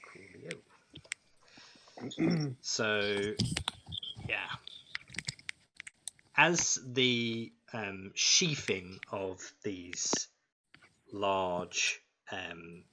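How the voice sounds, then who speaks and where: A man narrating as game master of an online tabletop game, slow and halting with many ums. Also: on the low side, creaky, background noise.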